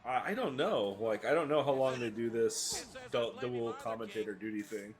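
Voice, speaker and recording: A man co-hosting a podcast chats casually, joking around and swearing freely. He speaks with a mid-range voice at a normal speed.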